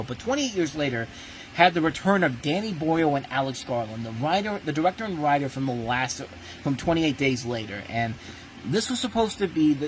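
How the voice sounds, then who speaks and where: A man of middle pitch runs his own review show and talks straight to his listeners in a blunt, ranting way. He stops halfway through phrases and starts them over, and a faint hum of background noise sits under his voice. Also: low-quality recording. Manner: blunt, ranting, many restarts. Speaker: movie reviewer host. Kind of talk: casual spoken movie review.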